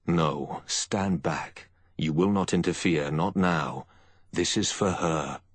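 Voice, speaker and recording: A man's voice: low-pitched, slow pace, husky, dry recording, full character voice. A male audiobook narrator voicing a grim male avenger giving cold commands. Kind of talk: audiobook character voice.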